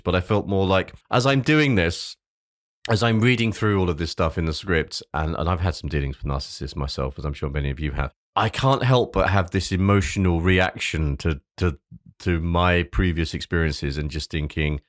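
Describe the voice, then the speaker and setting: Deep-voiced man hosting a self-help podcast. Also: dry recording, studio quality. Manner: earnest, loose and sweary when off script. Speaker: podcast host. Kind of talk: reading a script with casual asides.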